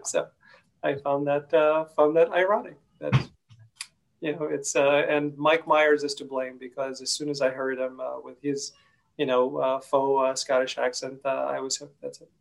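Gravelly, flat-voiced male interviewer. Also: mid-range voice, normal speed. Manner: relaxed, hesitant with many fillers. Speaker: interview host. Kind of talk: conversational interview.

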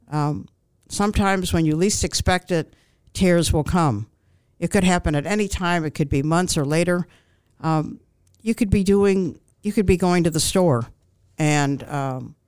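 A woman speaking as a grief counselor guest in an interview, giving calm, reassuring advice with frequent ums and restarts. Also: fairly low pitch, clean tone, dry recording.

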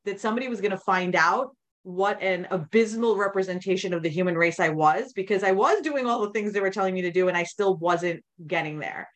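A woman's voice: mid-range voice, brisk. A woman guest on a podcast, telling her personal story in a candid, rambling way, full of restarts and quoted inner thoughts.

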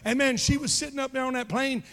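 A man preaching a sermon in a church, telling a story and building to passionate shouting. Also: extremely high pitch, steady tone, quick pace, in a large hall.

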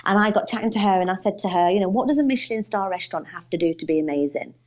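Animated storytelling British-born woman. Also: medium pitch, rapid-fire, dull audio. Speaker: guest, financial advisor coach. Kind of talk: casual podcast interview.

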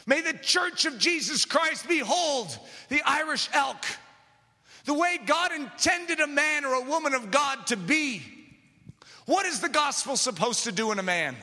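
A man preaches with fervor, his voice pitched high and ringing bright. His delivery rises and falls in lively swings. The sound carries a long reverb, as if recorded in a large hall. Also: unhurried. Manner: impassioned, builds to shouting. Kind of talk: sermon.

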